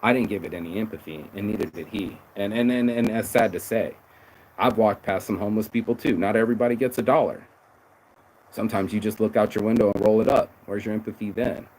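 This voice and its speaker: A man's voice: fairly low pitch, quick pace, a little mellow, low-quality recording. A man hosting a casual motivational monologue, blunt and profane, rambling and emphatic, often confessional and hard on himself. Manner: confessional, self-critical. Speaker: podcast host.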